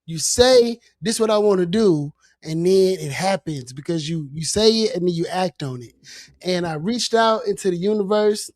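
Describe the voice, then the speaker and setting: A man from Virginia hosting a casual livestream chat, animated and slangy, often repeating himself. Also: high voice, moderate pace, dry recording, clean studio sound. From Norfolk, Virginia. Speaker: show host.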